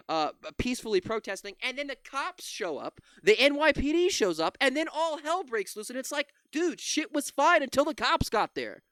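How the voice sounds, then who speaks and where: A man's voice: extremely high pitch, fairly bright tone, smooth, dry recording, studio quality. A man commentating on video clips, ranting angrily with lots of swearing and stumbling restarts. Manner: heated, profane, ranting with many restarts. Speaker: political commentator reacting to clips. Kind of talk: angry reaction commentary.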